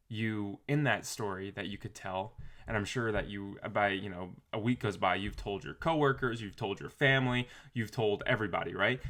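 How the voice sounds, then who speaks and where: A man talking casually to camera in a motivational vlog, reflective and rambling, with restarts and soft trailing phrases. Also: fairly low pitch. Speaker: motivational vlogger.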